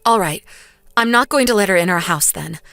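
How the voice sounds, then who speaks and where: A woman voicing a calm young wife who firmly lectures her mother-in-law. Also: mid-range voice, a little fast, creaky, dry recording, studio quality. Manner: cool, lecturing, steady. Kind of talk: dramatized story dub.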